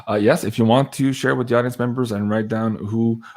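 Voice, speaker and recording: A man's voice: mid-range voice, fairly even intonation, brisk, a little mellow. A man co-hosting a livestream, reading out viewer comments in an upbeat, casual way with frequent filler sounds. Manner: upbeat, reads chat comments aloud, filler uhs. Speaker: livestream co-host.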